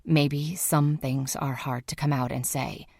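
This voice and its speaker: A woman puts on a reserved adult man with a Serbian accent for an audiobook. He speaks slowly and stiffly, avoiding contractions, in a deep gravelly tone. The recording is dry and close. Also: steady tone, darkish tone, no echo, exaggerated voice. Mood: quiet. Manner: slow, clipped, avoids contractions.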